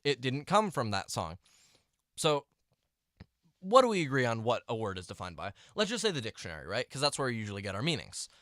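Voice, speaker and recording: A man's voice: medium pitch, wildly swooping pitch, quick pace, a bit bright, no room sound. Young guy venting on his vlog, annoyed, rambly, dry little room sound. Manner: exasperated, rambling with restarts and mumbled asides. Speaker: vlogger. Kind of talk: ranting to camera.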